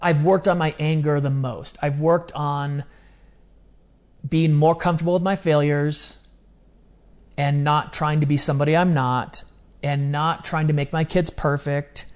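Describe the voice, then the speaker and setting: A man in his forties co-hosting a podcast, talking candidly and earnestly in quick bursts. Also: on the high side, fairly even intonation, smooth. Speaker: podcast co-host. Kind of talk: candid conversational podcast talk.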